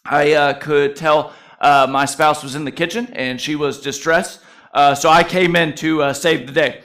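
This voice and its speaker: A man's voice: on the high side, steady tone, normal speed, a bit bright. A male pastor preaching a conversational sermon, telling stories with frequent "uh" fillers.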